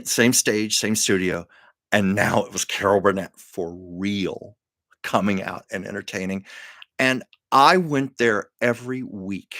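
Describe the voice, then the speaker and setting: Older man telling stories, low, dry. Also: fairly bright tone, no echo. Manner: emotional, earnest storyteller with many restarts. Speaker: live-stream host. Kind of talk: casual storytelling on a live stream.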